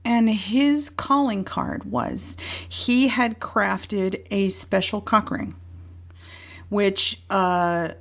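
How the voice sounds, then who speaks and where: A woman guest telling a story in casual chat, animated, with sound effects and quoted voices. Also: medium pitch, drawn-out words.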